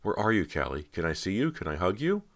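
A man voicing a nervous, emotional teenage girl, his voice lifting higher as she pleads. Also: very animated, fast talker. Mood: pleading. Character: anxious teenage girl, eager and yearning.

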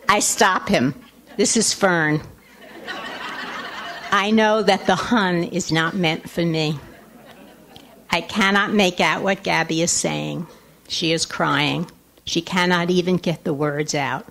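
A woman, a writer reading a personal essay aloud at a lecture. She breaks into quick conversational asides, then reads more slowly and carefully. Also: fairly low pitch. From Long Island, New York. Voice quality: nasal. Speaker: writer reading her work.

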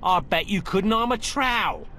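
A man's voice: high-pitched, sing-song, moderate pace, sharp tone, slight background noise, heavily acted. An actor voicing a snarky, sarcastic male bard hero in a video game, with a dry, mocking manner.

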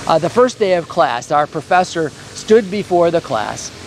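A man's voice: on the high side, expressive, a little slow, a little hiss or hum. A man teaching a Bible study in an earnest, conversational way, reading scripture and explaining it.

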